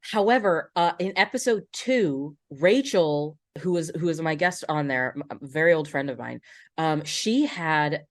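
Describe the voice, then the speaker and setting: A woman hosts a casual podcast chat with a somewhat low-pitched voice. She talks freely and thoughtfully and asks her guest open questions. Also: measured pace. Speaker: podcast host.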